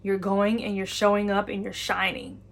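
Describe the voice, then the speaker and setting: A woman's voice: mid-range voice, completely flat delivery, moderate pace, vocal fry. A woman giving an intuitive channeling message. She talks earnestly and encouragingly, repeats key phrases and often speaks in the listener's imagined voice.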